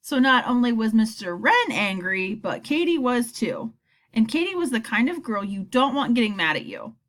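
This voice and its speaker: Brief: woman reader, fairly high, very lively pitch, expressive storybook narration. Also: normal speed. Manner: expressive first-person storytelling. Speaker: audiobook reader. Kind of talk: reading a children's novel aloud.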